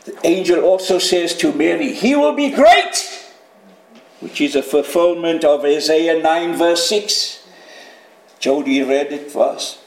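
A man with a high voice delivers an emphatic sermon, calling his listeners friends. He speaks slowly, letting each phrase settle in a roomy, echoing space. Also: steady tone, gravelly. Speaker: preacher.

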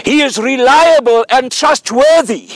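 High-voiced guy preaching slow, earnest story then punchy repeated lines to the church. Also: dry recording, low-quality recording. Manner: slow, earnest storytelling that builds to emphatic declarations. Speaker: pastor. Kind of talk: sermon with illustrative story.

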